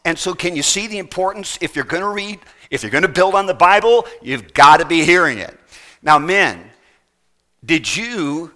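A man's voice: fairly high pitch, pushed and bright. A middle-aged man preaching a sermon, pressing his point with repeated rhetorical questions. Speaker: pastor.

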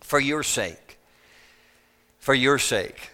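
A man's voice: medium pitch, lively intonation, very slow, sharp tone. A man preaching an evangelistic sermon, urgent and pleading, acting out the voices of people in his stories. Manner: acts out quoted voices.

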